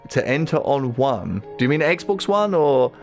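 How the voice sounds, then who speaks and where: Excitable British man streaming a game. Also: medium pitch, measured pace, faint music behind. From Britain. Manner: excitable, swears often, stammers and restarts. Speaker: livestreamer. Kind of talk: casual gaming livestream chat.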